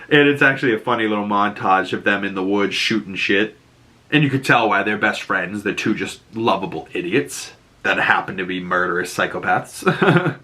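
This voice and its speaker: A man's voice: on the low side, sharp tone. A man casually recapping a TV show, laughing often and swearing freely.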